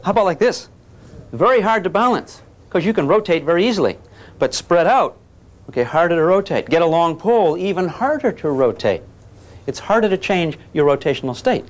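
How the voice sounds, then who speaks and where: A man teaching physics to a class, joking and coaxing the students while he demonstrates. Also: a little high. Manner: jokey, coaxing, calls students gang.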